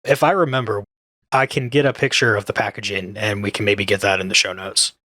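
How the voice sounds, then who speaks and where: A man's voice: lowish voice, steady tone, fairly quick, pushed and bright, dry recording. A man co-hosting a casual podcast, joking in a laid-back way. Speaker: podcast co-host.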